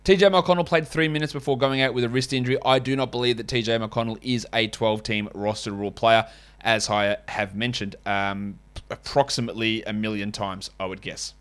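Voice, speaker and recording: A man's voice: lowish voice, fairly even intonation, fairly quick, a bit bright, smooth. Man, podcast host, casual and wry, rambling asides. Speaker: fantasy basketball podcast host. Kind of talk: casual podcast chat and host-read ads.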